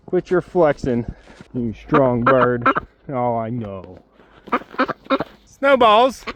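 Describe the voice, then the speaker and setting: A man's voice: on the high side, slight background noise. A man on a homestead talking casually and soothingly to his chickens and dog in the coop on a winter day. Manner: gentle, coaxing, soothing talk to animals. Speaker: homesteader vlogger.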